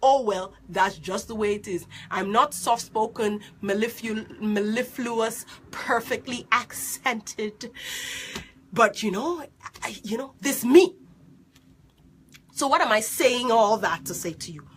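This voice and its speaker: A woman life coach with a loud, strident voice and an unusual mixed accent, telling her story in an excitable, animated way during a live stream. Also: a little high, measured pace, slight background noise. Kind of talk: live-streamed motivational talk.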